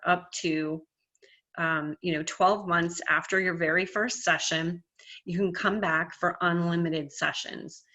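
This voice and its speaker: A woman's voice: on the low side, bright, forceful tone. A middle-aged woman hypnotherapist giving a casual, earnest business lesson to camera, speaking with confident emphasis. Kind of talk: casual instructional talk to camera. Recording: dull lo-fi audio.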